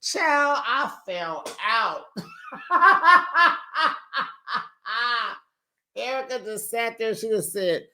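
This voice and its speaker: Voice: mid-range voice, very slow, pauses often. A reality TV recap host giving casual, sassy commentary, laughing often and putting on voices for quoted lines. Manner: sassy, animated, frequent laughter; slips into quoted voices while retelling scenes.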